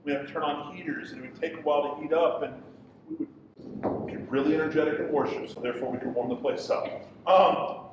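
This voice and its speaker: High-voiced pastor in an echoey hall. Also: male voice, brisk, recorded from a distance, muffled recording, noisy background. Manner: impassioned, rising to loud pleading questions then dropping to quiet storytelling. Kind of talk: sermon. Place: church hall.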